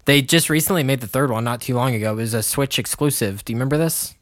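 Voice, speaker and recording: A man's voice: mid-range voice, fast, fairly bright tone, no echo, clean studio sound. Giggly man hosting a casual chat. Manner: giggly, laughs often and explains at length. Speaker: podcast host.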